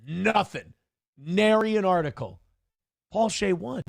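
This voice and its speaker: A man's voice: high-pitched, animated, takes it slowly, gravelly, no room sound, clean studio sound. A man talking in a boastful monologue, taunting and repeating the same phrases over and over.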